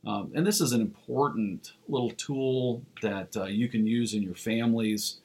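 A man preaching a sermon as pastor, earnest, with "uh" fillers, slowing down for emphasis. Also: medium pitch, a little mellow.

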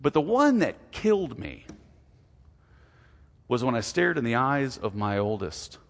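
A man in his forties preaching in a large church hall, with the sound trailing off in a long reverb. He speaks earnestly and confessionally, at a medium pitch, and his voice climbs and drops in pitch and loudness as he goes. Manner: earnest, confessional, with lively swings in pitch and volume. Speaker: pastor. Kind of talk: sermon.

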